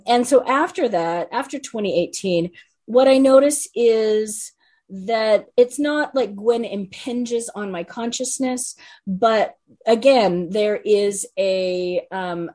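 A woman psychologist and author, answering interview questions thoughtfully with frequent pauses and ums. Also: medium pitch, darkish tone.

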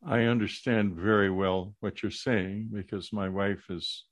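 An older man hosting an interview podcast, speaking in a measured, earnest way. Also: on the low side, steady tone, dry recording. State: hiccups. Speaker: podcast host.

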